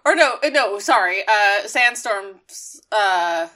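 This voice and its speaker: A woman's voice: mid-range voice, lively intonation, takes it slowly, sharp tone. A woman co-hosting a casual chat, laughing often and swearing while she retells scenes. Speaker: podcast co-host.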